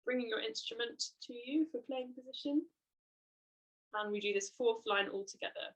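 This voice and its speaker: A woman's voice: fairly high pitch, normal speed, low-quality recording. A young woman giving an online trumpet lesson, explaining patiently and encouragingly with many fillers. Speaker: trumpet teacher.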